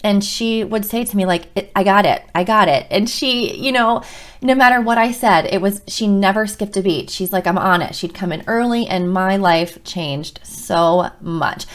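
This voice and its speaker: A middle-aged woman, a school counselor, telling a heartfelt personal story with emotion and many restarts. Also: medium pitch. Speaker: school counselor and podcast host.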